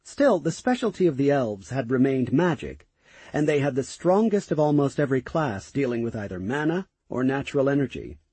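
A man narrating a fantasy audiobook in the first person, with an expressive storytelling manner. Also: mid-range voice, a little fast, slightly rough, dry recording.

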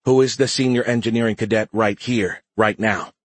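Decisive female army officer, brisk orders, husky low voice, man voicing. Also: steady tone, no room sound, natural voice. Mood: commanding. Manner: brisk, commanding.

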